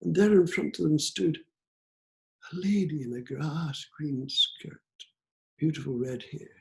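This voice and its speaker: An older Scottish man telling a traditional folk tale in an unhurried, rhythmic way with repetitions, in a living room. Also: on the high side, steady tone, gravelly. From Scotland. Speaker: storyteller.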